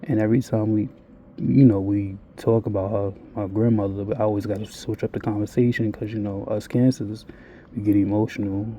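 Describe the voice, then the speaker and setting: A man talks straight to his viewers in a blunt, rambling confessional, swearing freely. His voice sits low and very dark, with a mellow, relaxed timbre. He barely moves his pitch, staying flat and even throughout. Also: brisk, slight background noise. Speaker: vlogger. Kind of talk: confessional monologue.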